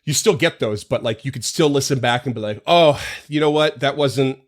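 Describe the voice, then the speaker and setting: A man who is the game master on a casual podcast, laughing often and musing out loud in a rambling way. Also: mid-range voice, a little fast.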